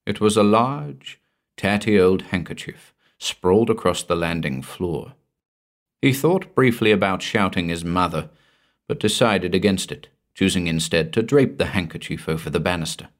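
Low-voiced male narrator for a weird tale, measured, sinks soft at dark moments. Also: lively intonation. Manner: measured, dropping low and soft at ominous lines. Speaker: story narrator. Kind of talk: scripted narration of a spooky tale.

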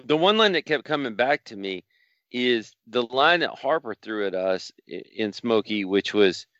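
A man co-hosting a podcast, speaking in a slow, thoughtful way and clearing his throat now and then. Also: medium pitch, very animated, a bit bright, no echo, highs cut off. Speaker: podcast co-host. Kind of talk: casual podcast chat.

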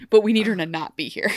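A woman co-hosting a casual recap podcast, excitable and giggly, breaking into quick joke voices. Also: medium pitch, no echo, studio quality. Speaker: podcast co-host.

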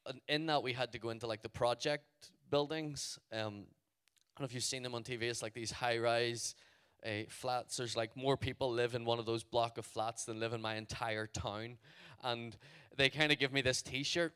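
A man with a Northern Irish accent, telling a story to a youth audience in an animated way, full of "like" fillers. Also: mid-range voice, moderate pace, clear, resonant tone. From Northern Ireland. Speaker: youth event speaker.

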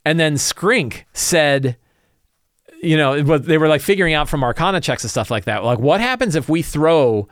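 A man's voice: a little high, moderate pace, fairly bright tone, no room sound. Rambling male game master, dry sound. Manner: rambling storyteller, many fillers and restarts. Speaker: game master and show host. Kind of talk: casual campaign recap.

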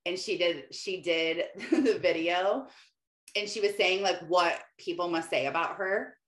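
A middle-aged woman talking casually about faith, rambling and chatty with lots of "like" and quick laughs. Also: on the low side, a bit bright. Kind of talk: casual faith-based monologue. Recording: roomy echoey room.

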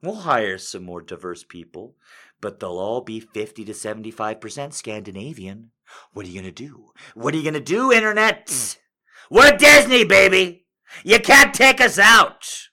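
A man's voice: on the high side, sing-song, normal speed, heavily acted. A man voicing a smug, gloating male corporate boss who taunts his critics. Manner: taunting, shouty.

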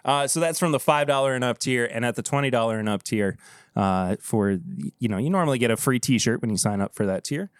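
Man, podcast co-host, casual chat, upbeat, mid pitch, dry close sound. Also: expressive, brisk, smooth, no echo. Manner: upbeat, plugs the show with a pitch.

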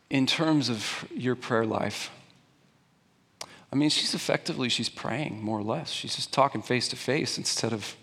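A man's voice: medium pitch, bright, forceful tone, slightly rough, big-room sound. A young adult man preaching a conversational, emphatic sermon to a congregation, asking them questions. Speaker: pastor. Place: church sanctuary before a congregation.

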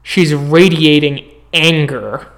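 A man's voice: a little high, takes it slowly, a bit bright. A man narrating as game master in a tabletop game, brief and matter-of-fact.

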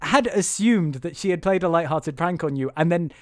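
A man's voice: a little high, normal speed, a little mellow. A man hosting a podcast in casual chat, teasing his co-host and breaking into laughter. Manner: laughing, stammering restarts, teasing.

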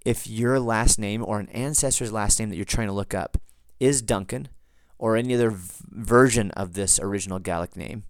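Male podcast host, lowish voice, dry close sound, casual teacherly delivery. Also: no echo. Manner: chatty, digressive, teacherly. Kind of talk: casual explanatory podcast talk.

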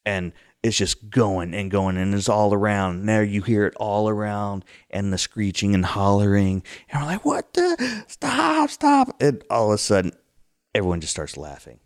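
A man casually telling a scary childhood campfire story, acting it out with sudden high outbursts. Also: moderate pace, clear, resonant tone, no echo. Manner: animated, acts out the scares with sudden high outbursts. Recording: dry close sound.

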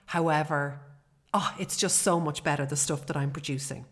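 A woman's voice: sits low, fairly even intonation, normal speed. A woman, hosting a personal podcast in an earnest, chatty way with fillers. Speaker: podcast host.

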